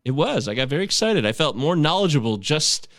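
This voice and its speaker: A man hosts a casual podcast chat with an animated, jokey delivery. His voice sits a little high and leaps around in pitch. The sound is dry and close. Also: fairly quick, no echo. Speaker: podcast host.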